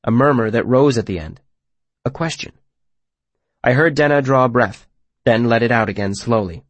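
A man narrates a first-person audiobook in a measured, even storytelling style. His voice sits in the mid range, with no room sound.

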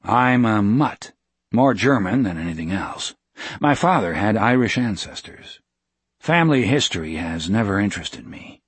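A man's voice: lowish voice, animated, moderate pace, slightly rough, no echo. A man reading a guarded American lawyer who answers in a dry, plain way. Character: wary American male lawyer far from home.

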